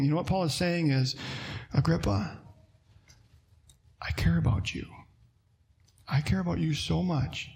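A pastor preaches a sermon in a voice on the high side, his animated delivery climbing into emphatic bursts and asides to the congregation.

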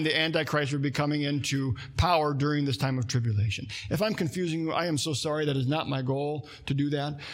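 Conversational male pastor, slightly high voice. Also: a bit bright. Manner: conversational preaching with asides and restarts. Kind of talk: sermon.

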